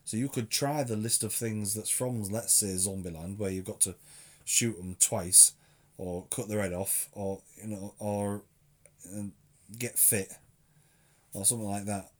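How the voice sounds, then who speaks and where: A man's voice: fairly low pitch, fairly even intonation, a little slow. A young man co-hosting a loose chat. His talk is dry and teasing, and he argues the small points. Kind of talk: casual chat.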